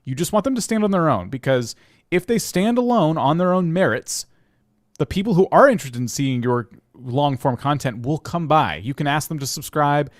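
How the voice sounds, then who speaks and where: Relaxed man giving advice. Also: on the high side, normal speed, no room sound, studio quality. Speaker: co-host reviewing channels. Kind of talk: livestream casual chat.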